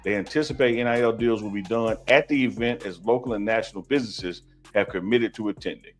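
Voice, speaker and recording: A man co-hosting a casual sports talk show, playful and teasing, with a loose relaxed delivery. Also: fairly low pitch, fast, soft background music. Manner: teasing, playful, reads a sponsor plug in a loose drawl. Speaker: co-host.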